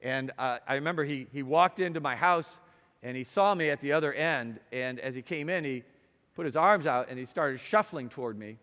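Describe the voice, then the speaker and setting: A middle-aged man from Ohio shares a personal story before an audience. His voice sits in a middle pitch, and his wry delivery moves between hushed reflection and lively humor. The sound carries the long reverb of a large hall. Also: moderate pace. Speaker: speaker. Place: university hall.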